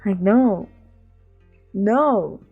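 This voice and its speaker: Gravelly young woman with a Latin accent. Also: medium pitch, animated, extremely slow, phone-quality sound, soft background music. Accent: Latin American. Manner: rambling, repeats words, acts out quoted people. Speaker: vlogger. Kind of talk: casual storytime chat.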